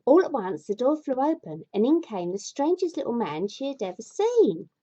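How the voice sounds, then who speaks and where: A woman reads a fairy tale with comic, grumbling asides, often sounding exasperated and sweary. Her voice is mellow and swings widely in pitch. The recording has a dull, lo-fi sound. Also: sing-song, moderate pace, slightly rough. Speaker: storyteller.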